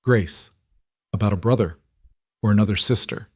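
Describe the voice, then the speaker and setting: A man voicing a caring wife and mother who speaks calmly and reassuringly. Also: on the low side, moderate pace, dry recording, clean studio sound, natural voice. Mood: loving. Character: adult woman, warm wife and mother.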